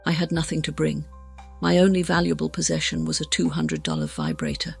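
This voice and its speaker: A woman shares her near-death story as an interview guest, speaking bluntly with a self-mocking edge and urgently acting out her past self. Her deep, gravelly voice is very animated and brisk, with a breathy edge and faint music behind her.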